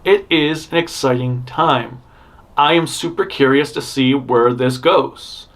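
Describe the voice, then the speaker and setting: A man's voice: mid-range voice, unhurried. A man hosting a fan news show, rambling through blunt opinions with frequent restarts and self-interruptions. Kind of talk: casual opinionated news commentary.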